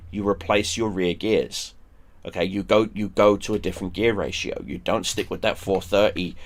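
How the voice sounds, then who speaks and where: A man hosting a stream, telling a story in casual chat. He swears a lot, gets animated and often restarts his sentences. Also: sits low. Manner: profane, animated, with frequent restarts. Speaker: streamer host.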